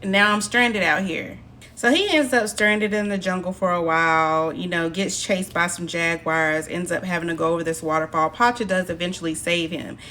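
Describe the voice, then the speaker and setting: A woman's voice: fairly low pitch, brisk, hardly any pauses, fairly bright tone, slight background noise. A woman casually retelling a film's plot in a chatty way, quoting the characters in her own voice. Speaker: film recap narrator.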